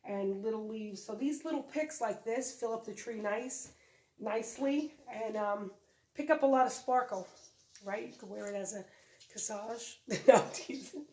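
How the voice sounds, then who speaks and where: Woman rambling about her tree decorations, kinda high voice, echoey room, sounds a bit off mic. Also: normal speed, darkish tone, far from the mic. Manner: rambling, chatty, self-correcting. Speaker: co-host of home decorating channel. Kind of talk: casual home vlog chat.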